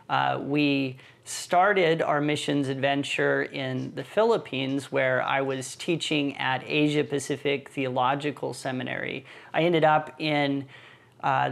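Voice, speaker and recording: A man who is a missionary and church planting team leader, telling his story in a relaxed, easygoing way on a podcast. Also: medium pitch, gravelly. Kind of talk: casual podcast conversation.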